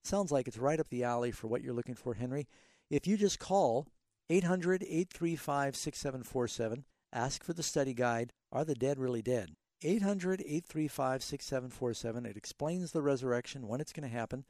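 Middle-aged male radio pastor, mellow, dry close mic, explanatory and animated. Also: medium pitch, normal speed, no room sound. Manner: explanatory, tells illustrative stories, animated emphasis. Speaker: radio Bible show host, pastor. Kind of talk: call-in radio Bible answers.

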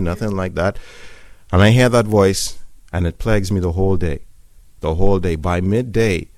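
A man's voice: low voice, a little mellow, no echo. A man giving a personal church testimony, telling his story in an earnest, reflective way.

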